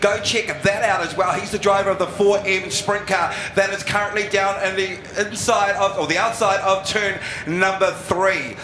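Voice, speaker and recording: A man's voice: high voice, steady tone, normal speed, few pauses, pushed and bright, reverberant, a little hiss or hum, rough recording. A man commentating live at a speedway, hyping up the crowd. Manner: upbeat, hypes the crowd. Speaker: speedway announcer.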